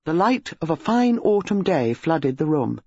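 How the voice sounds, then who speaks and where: An audiobook narrator reading a story in a measured, expressive way, in a dull lo-fi recording. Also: mid-range voice, husky, no room sound. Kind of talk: scripted narration.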